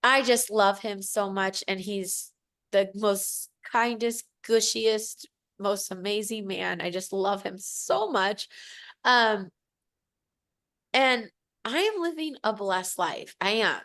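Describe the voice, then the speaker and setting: A woman's voice: medium pitch, slow, fairly bright tone. A woman in her forties, a podcast guest, telling a personal story in casual chat, emotional and gushing, acting out what others said. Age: 40s.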